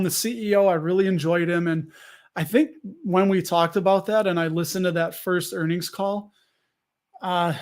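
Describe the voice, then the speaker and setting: A man hosting a live stream in casual chat, rambling, restarting sentences and answering viewers as he goes. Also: sits high.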